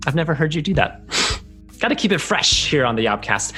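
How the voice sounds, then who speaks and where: A man's voice: fairly high pitch, big pitch swings, fairly quick, sharp tone, soft background music. A man hosting a podcast in casual chat, talkative and rambling, laughing often. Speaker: podcast host.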